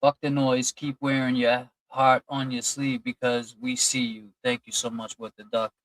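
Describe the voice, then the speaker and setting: A man's voice: mid-range voice, moderate pace, creaky, fairly bright tone, dry recording, rough recording. Man hosting a livestream. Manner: reads out donor names and thanks them, chatty and loose. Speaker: livestream host. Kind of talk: casual livestream chat reading super chats.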